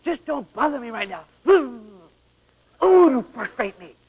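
A man's voice: very high voice, expressive, moderate pace, creaky, pitched above the performer's own voice, heavily acted. A man putting on an exasperated, snappish wife. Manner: sharp, exasperated, raised voice. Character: irritated wife brushing off her husband. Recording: dull radio recording with long hall echo.

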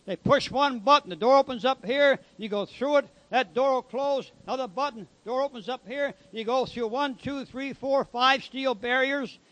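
A man's voice: very high voice, moderate pace, hardly any pauses, a bit bright, dry recording, dull audio. A man giving a preaching testimony as a former convict, telling his story in an emphatic, dramatic way.

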